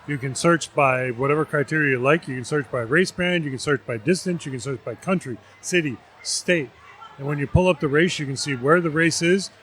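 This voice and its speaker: A man from New Jersey, representing vendors, explaining things in a measured way. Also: a little high, fairly bright tone, slight background noise. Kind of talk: casual interview.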